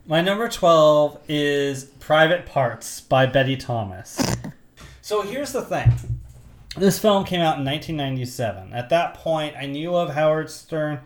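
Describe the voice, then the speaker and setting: Chatty man co-hosting a movie podcast. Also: fairly high pitch. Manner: enthusiastic, rambling with restarts. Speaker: podcast co-host. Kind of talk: casual movie chat.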